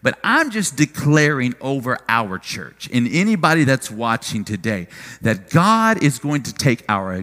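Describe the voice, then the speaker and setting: A man's voice: mid-range voice, very animated, a little slow, bright, forceful tone, in a large hall. A man preaching a sermon as pastor in his church, telling stories and declaring things over the congregation. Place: church sanctuary.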